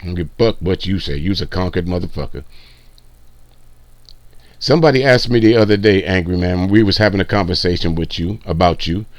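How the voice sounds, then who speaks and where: A man in a low register rips into a clip with profane, mocking commentary. The sound is dry and close, with no room around it. He talks like a stream host reacting live. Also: a little fast, no echo.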